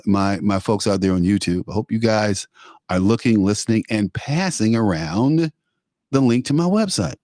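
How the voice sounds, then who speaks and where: A man's voice: fairly low pitch, a little mellow, no room sound, clean studio sound. Opinionated male talk show host, rambling. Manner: opinionated, rambling, with frequent fillers and restarts. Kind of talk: live political talk show monologue.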